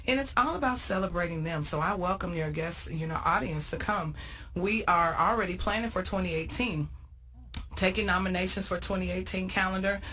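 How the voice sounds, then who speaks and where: A woman's voice: fairly low pitch, a bit bright, low-quality recording. Female guest, eager and promotional. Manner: enthusiastic, promotional, laughs easily. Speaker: guest, event organizer. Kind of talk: casual interview chat.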